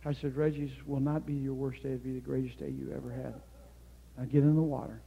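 An older man preaching a sermon, moving between quiet storytelling and loud, impassioned exhortation. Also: medium pitch, steady tone, quick pace, vocal fry, slightly rough, muffled recording. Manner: swings from hushed storytelling to shouted, impassioned preaching.

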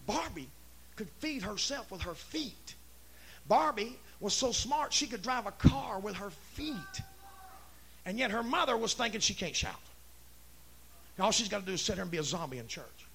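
Pentecostal preacher guy, real high gravelly voice, hollering the sermon, faint hiss. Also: expressive, moderate pace. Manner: shouting, preaching in rising bursts. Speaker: pastor.

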